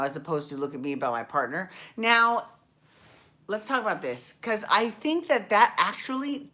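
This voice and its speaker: A woman's voice: sits low, a bit bright. A woman hosting a casual recap show, rambling and chatty with frequent restarts and the odd swear. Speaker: podcast host recapping dance shows. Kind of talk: casual chat.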